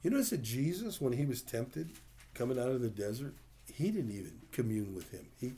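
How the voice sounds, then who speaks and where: A man's voice: medium pitch, animated, brisk, warm tone. A man preaching a conversational sermon, plain-spoken and full of rhetorical questions. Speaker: pastor.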